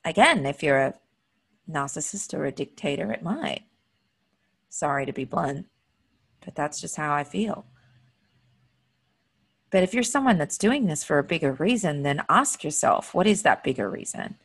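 A woman with a slightly low, husky voice gives a heartfelt motivational talk to her audience. She speaks earnestly and openly lets her emotion through. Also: expressive, moderate pace, long pauses. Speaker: host.

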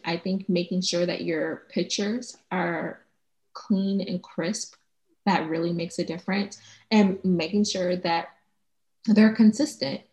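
A woman co-hosting a casual podcast chat, laughing often and animated when she acts out what others say, recorded at home. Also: mid-range voice, echoey room. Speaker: podcast co-host. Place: home with traffic noise outside.

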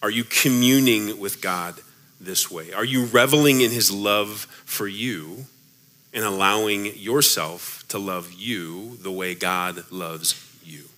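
A man's voice: on the low side, takes it slowly. A man preaching a sermon as pastor, earnest and repeating rhetorical questions to his church. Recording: loud music underneath.

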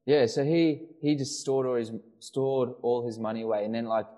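A man's voice: mid-range voice, moderate pace, dark tone, rough recording. Man telling a rambling story. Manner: rambling storyteller with frequent restarts and fillers. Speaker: podcast co-host. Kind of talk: casual chat.

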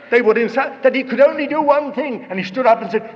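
A man's voice: very high-pitched, quick pace, slight background noise. A man preaching a sermon, telling a story dramatically and acting out the quoted voices. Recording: dull reverberant hall recording.

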